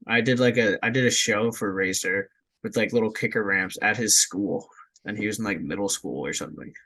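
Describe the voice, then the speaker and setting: A man's voice: on the low side, brisk, pushed and bright. Laid-back swearing young man telling stories. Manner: laid-back, swears freely, lots of "like" fillers. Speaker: podcast guest. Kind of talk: casual storytelling.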